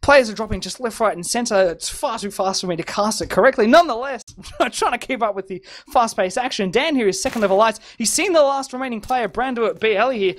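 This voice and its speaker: A man casting a live shooter match over an internet voice link, excitable, laughing often and tripping over repeated words. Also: very high voice, fairly quick, slight background noise. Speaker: esports caster. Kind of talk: live game commentary. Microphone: home internet voice chat.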